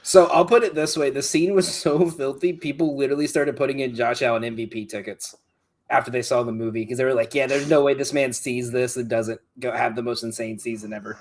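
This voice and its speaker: A man's voice: mid-range voice, steady tone, a little fast, slight background noise. A man co-hosting a sports betting podcast, casual and joking. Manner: joking, riffing. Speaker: podcast co-host.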